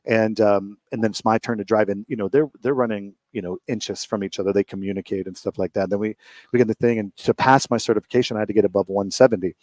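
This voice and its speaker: A man hosting a radio show, telling stories in casual chat, animated and laughing often. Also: fairly low pitch, fast, dry recording. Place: radio studio.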